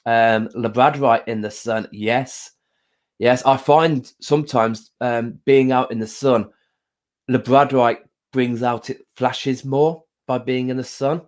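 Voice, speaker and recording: Slow, gentle male live-stream host. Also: mid-range voice, fairly even intonation. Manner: gentle, unhurried, many pauses and fillers; greets viewers by name. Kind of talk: casual live-stream chat with card reading.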